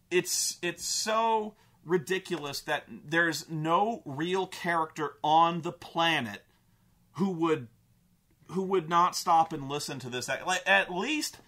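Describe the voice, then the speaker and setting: A high, bright-voiced man rants about a film in a casual vlog. He is exasperated and swears freely, and he rambles through restarts and filler words. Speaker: vlogger, film reviewer. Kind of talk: casual rant.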